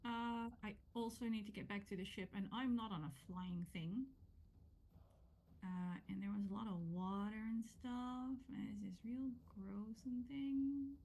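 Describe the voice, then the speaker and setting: A woman's voice: fairly high pitch, steady tone, unhurried, a little mellow. Wry woman player at the table. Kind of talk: casual tabletop play.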